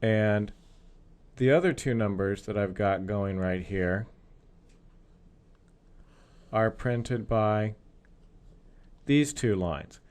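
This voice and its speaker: A man's voice: lowish voice, extremely slow, pauses often, darkish tone. A male programming instructor explaining code step by step in a recorded screencast lesson.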